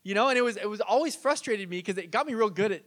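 A male pastor with a fairly high-pitched voice delivers a sermon in a church. He tells stories in a relaxed, conversational way and turns to the congregation with questions. His delivery is animated and engaging. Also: fast talker.

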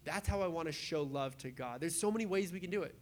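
Pastor guy, pretty high voice, chatty easygoing sermon, keeps doing little voices. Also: fast, slight background noise. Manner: animated, acts out quoted voices, chatty asides. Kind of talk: casual conversational sermon.

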